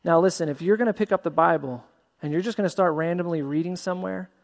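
A man preaching a sermon as a pastor, animated and acting out the voices of the people in his story. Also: fairly high pitch, quick pace, gravelly. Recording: long hall reverb.

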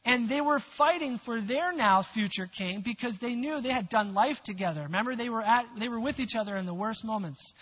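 A man's voice: very high voice, expressive, a little fast, hardly any pauses, breathy edge. A male pastor preaching a sermon in a conversational, earnest way with many rhetorical questions. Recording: dull lo-fi recording.

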